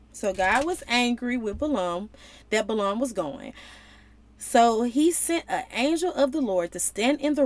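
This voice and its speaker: A woman gives a casual Bible lesson in a high, bright voice. Her pitch leaps around as she talks. She uses a lot of slang and keeps slipping into playful character voices. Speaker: Bible teacher.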